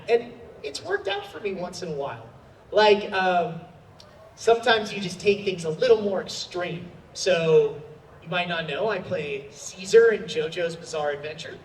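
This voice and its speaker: A man, a voice actor, answering audience questions at a convention panel in a chatty, animated way with many fillers. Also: high-pitched, moderate pace, a little hiss or hum. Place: large convention hall. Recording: roomy hall sound from a distant mic.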